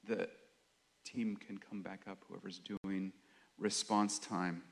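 A man giving a reflective sermon, earnest and confessional, speaking haltingly with many pauses and fillers. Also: low-pitched, level tone, vocal fry. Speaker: worship leader or preacher.

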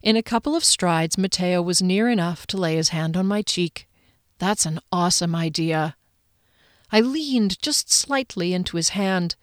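A woman narrating a first-person audiobook in an expressive, bubbly way, her pitch leaping up on excited lines. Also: moderate pace, hardly any pauses, no room sound, clean studio sound.

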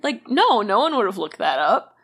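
A woman's voice: medium pitch, very animated, moderate pace, a bit bright, husky. A woman co-hosting a podcast, casually recounting a true crime ghost story with lots of fillers. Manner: conversational storytelling with many fillers and "like". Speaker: podcast co-host.

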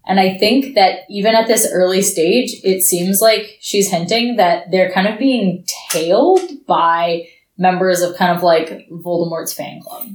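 A woman's voice: fairly low pitch, a little slow. Sarcastic podcast lady ranting, cussing a bit, echoey room. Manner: sarcastic, animated rants with swearing. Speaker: podcast co-host. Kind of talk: casual book discussion.

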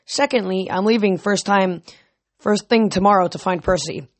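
A reader voicing a commanding teenage girl leader who speaks firmly and briskly. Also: medium pitch, natural voice. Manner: firm, brisk, snapping. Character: sharp-minded teen girl camp leader, commanding. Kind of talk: audiobook reading.

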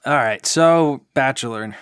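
A man's voice: medium pitch, measured pace, fairly bright tone, clean tone, no room sound, studio quality. A man co-hosting a podcast, talking in a wry, mock-complaining way in casual chat. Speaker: podcast co-host.

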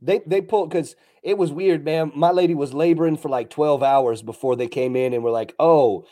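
A young man with a slightly higher voice talks bluntly and swears freely in casual chat. His voice sounds dry and close to the mic. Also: brisk, dark tone, dry recording.

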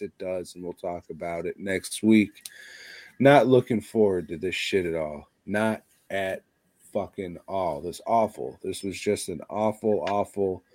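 Blunt, profane man with a low voice. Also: darkish tone, no echo. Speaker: podcast co-host. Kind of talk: casual chat.

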